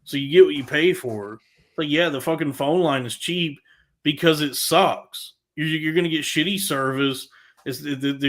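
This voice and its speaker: Crude, fast-swearing man telling stories. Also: medium pitch. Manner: crude, profanity-heavy storytelling; animated, frequent restarts. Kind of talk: casual podcast chat.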